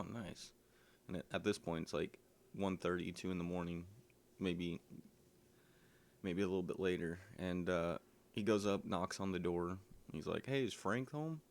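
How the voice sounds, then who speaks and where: A man's voice: low-pitched, creaky. A man casually telling a personal story, rambling with lots of ums and likes.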